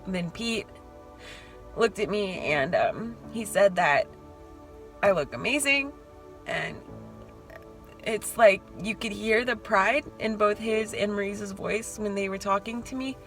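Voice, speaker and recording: A woman's voice: mid-range voice, measured pace, long pauses, fairly bright tone, rough recording. A woman competing in bodybuilding, talking casually to camera in a chatty, openly emotional way. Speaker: bodybuilding competitor vlogging her show day. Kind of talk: casual vlog talk to camera. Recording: background music and crowd chatter.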